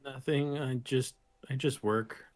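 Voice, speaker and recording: Guy doing a shy nervous grave digger, stammers a lot, halting answers. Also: medium pitch, steady tone, a little mellow, lightly acted. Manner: stammering, hesitant.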